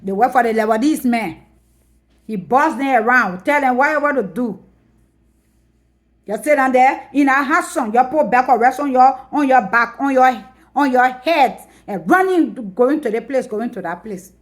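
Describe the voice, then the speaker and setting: A middle-aged woman with a Liberian accent, ranting to her viewers in a loud, emphatic way, repeating her points. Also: sits high, moderate pace. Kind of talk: impassioned rant to camera.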